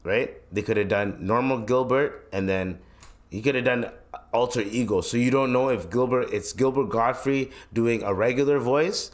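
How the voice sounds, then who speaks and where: A man's voice: mid-range voice, normal speed. Profane, heated man ranting on a podcast. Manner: profane, blunt, heated opinion talk; rambling with frequent restarts and slang. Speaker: podcast host. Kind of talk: solo podcast rant.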